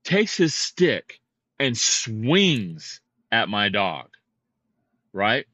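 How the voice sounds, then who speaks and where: A man co-hosting a podcast, telling a story in a casual, animated and heated way. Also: on the low side, very slow, no echo, dull audio. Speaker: podcast co-host.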